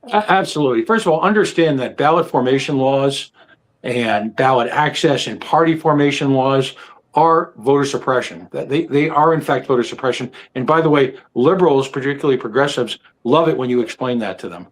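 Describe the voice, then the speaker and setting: A man speaking as a guest on an online panel, with a voice in a middle pitch. He argues his point emphatically, stopping now and then with fillers. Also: fairly quick, rough recording. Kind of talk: casual political discussion.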